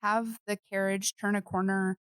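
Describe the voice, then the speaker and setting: A woman's voice: medium pitch, level tone, normal speed, a bit bright, smooth, dry recording. A woman playing a tabletop game who asks tentative questions. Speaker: player. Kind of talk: casual tabletop play.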